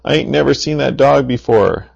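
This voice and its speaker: A man putting on a raspy, whining grump. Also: medium pitch, normal speed, voice pushed up. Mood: indignant. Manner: indignant yelling, common speech. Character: grumpy lazy old man, scared and whining. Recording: dull lo-fi recording.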